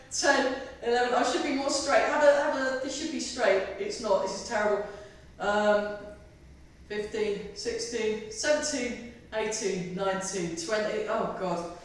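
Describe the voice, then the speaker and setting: A woman's voice: fairly high pitch, fairly even intonation, unhurried. A woman leading a tai chi fitness class, counting reps with chatty, self-mocking asides and giggles. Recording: echoey room, voice from far off the mic.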